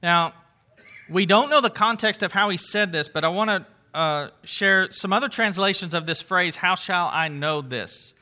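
A man giving a conversational Bible teaching, earnest and emphatic, often pausing on fillers and restarting phrases. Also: high voice, pushed and bright.

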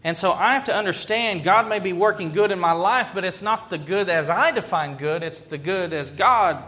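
A man preaching a sermon in an earnest, reflective way, pausing to let points land. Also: high-pitched, bright, forceful tone. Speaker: pastor.

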